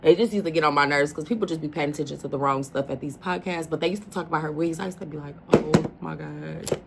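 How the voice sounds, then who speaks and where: Woman, reaction host, low-pitched, casual, emphatic, faint background hiss. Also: racing. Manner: chatty, emphatic, calls listeners "baby".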